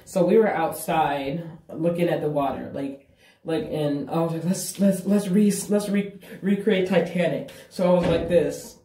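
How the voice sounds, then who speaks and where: In an echoey bathroom, recorded from a distance, a female vlogger with a lowish voice recounts her breakup to camera. Her pace is a little slow, and her storytelling is animated, casual, blunt and full of cursing.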